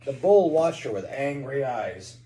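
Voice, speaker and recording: A man's voice: mid-range voice, animated, a little slow, dark tone, echoey room, low-quality recording. A man from Kentucky, a parent reading a storybook aloud to a child at home, with chatty asides.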